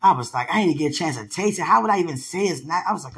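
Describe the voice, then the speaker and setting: A woman's voice: low voice, expressive, quick pace, few pauses, slightly rough. A middle-aged woman in casual, affectionate chat, rambling through loose stories.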